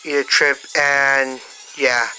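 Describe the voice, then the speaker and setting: Slow halting storyteller making up a fan story, lots of um and so yeah, bright voice. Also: mid-range voice, little pitch movement, soft background music, rough recording. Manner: halting, many fillers and restarts. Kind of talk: improvised fan-fiction narration.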